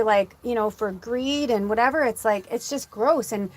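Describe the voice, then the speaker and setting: Her voice sits on the high side at a moderate pace as this middle-aged psychic medium shares a story on a livestream. It's casual and rambling, thick with "like" fillers, and she sounds emotional, nearly crying.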